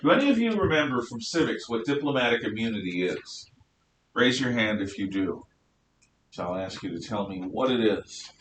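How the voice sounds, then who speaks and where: Male teacher lecturing a class, emphatic and animated, bright tone, recorded from across an echoey room. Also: mid-range voice, normal speed, slight background noise. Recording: echoey room, mic far off.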